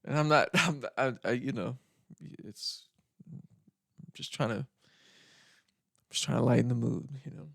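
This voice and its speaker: A man's voice: medium pitch, measured pace, vocal fry, long pauses, fairly bright tone, no room sound, studio quality. A man hosting a podcast, telling stories in a laid-back, rambling way, laughing often. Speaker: podcast host. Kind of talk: casual storytelling monologue.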